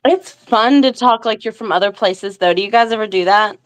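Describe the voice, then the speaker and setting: A woman's voice: mid-range voice, fairly quick, no echo, poor audio. A woman from the American South with a Southern drawl, joking playfully and teasing herself in casual stream banter. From Southern United States. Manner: playful, drawling, self-mocking.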